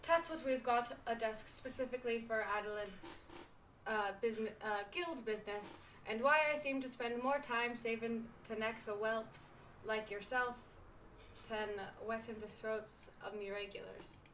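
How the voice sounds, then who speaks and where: Woman doing a gruff rough-spoken tavern keeper. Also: mid-range voice, animated, normal speed, few pauses, a bit bright, recorded from a distance, a little hiss or hum, close to an everyday voice. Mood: hearty. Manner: wobbly put-on pirate-ish accent. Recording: off-mic with game music.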